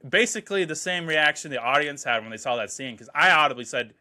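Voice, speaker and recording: A man giving a casual, excited movie review, swearing freely and paraphrasing scenes as he goes. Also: fairly high pitch. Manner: excited, profane, quotes scenes in quick paraphrase.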